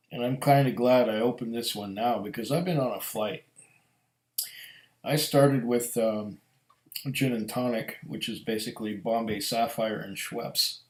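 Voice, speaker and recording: A middle-aged man reviewing whiskey in a slow, musing, storytelling way. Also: medium pitch, a little mellow. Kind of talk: casual tasting review. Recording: echoey room.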